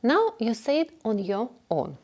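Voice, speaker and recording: A woman teaching a beginner class at a very slow, careful pace, her pitch rising and falling in a lively, sing-song way. She speaks clearly and patiently and repeats each phrase so learners can say it with her. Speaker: English teacher. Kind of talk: slow instructional narration.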